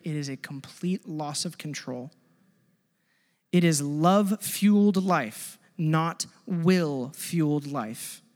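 A male pastor preaching a sermon, impassioned, swinging between loud pleading and hushed intensity. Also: a little high, long reverb tail.

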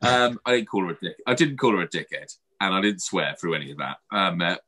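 A man's voice: low-pitched, quick pace, sharp tone. A British man, a podcast co-host, telling a story in casual chat, swearing freely and acting out the other voices.

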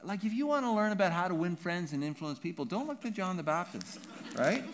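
Preaching with energy and emphasis, a man whose voice sits high frequently tosses quick "right?" asides to his congregation. Slight background noise can be heard behind his sermon.

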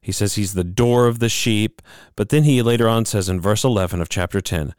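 A man preaching a sermon in an unhurried teaching manner, pausing with fillers and asking rhetorical questions. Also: on the low side, a little mellow, clean tone, no room sound, studio quality. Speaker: pastor. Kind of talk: sermon with quoted reading.

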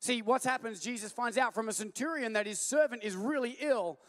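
Man, pastor, sermon, high voice, animated storytelling, builds to shouts. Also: fairly quick, big-room sound.

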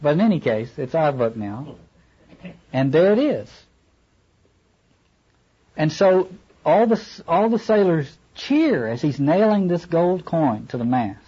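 A man's voice: a little high, big pitch swings, a little slow, long pauses, dark tone, breathy edge, highs cut off. A man lecturing on literature, reading passages aloud and adding wry asides.

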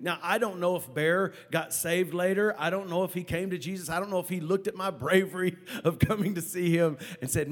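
A male preacher delivering a sermon in a fairly high voice, spinning a personal story with lively energy. He stumbles and repeats words as he goes, then surges forward again. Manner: animated storytelling with halting repetitions. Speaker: pastor.

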